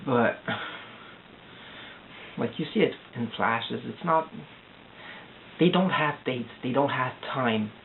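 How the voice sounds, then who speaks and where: A distressed young man from Quebec, rambling anxiously in a confessional video diary, halting and repeating himself. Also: medium pitch. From Quebec, Canada. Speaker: vlogger. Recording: tinny lo-fi audio with hiss.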